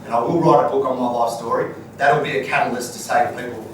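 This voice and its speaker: A man's voice: mid-range voice, steady tone, rapid-fire, hardly any pauses. An Australian man talking bluntly and colloquially as a guest speaker, answering audience questions. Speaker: guest speaker, business owner. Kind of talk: live Q&A storytelling. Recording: echoey room, distant mic, noisy.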